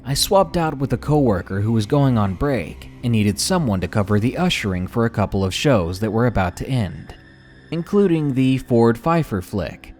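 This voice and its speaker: A man narrating true scary stories in scripted, expressive storytelling. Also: medium pitch, moderate pace, soft background music.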